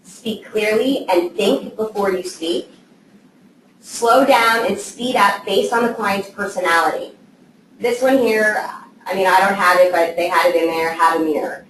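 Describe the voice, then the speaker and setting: A woman's voice: medium pitch, unhurried, fairly bright tone. Woman teaching a class in an echoey room. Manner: conversational, checks in with "okay?". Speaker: trainer for real estate assistants. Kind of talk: casual classroom training talk. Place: training room with a live group. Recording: echoey room, voice from far off, faint noise.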